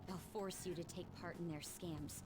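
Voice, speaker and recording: Woman doing stern student leader, measured, commanding, low voice, background music. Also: fairly even intonation, natural voice, low-quality recording. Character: stern teen girl student council president. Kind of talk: video game dialogue. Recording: game audio with music behind.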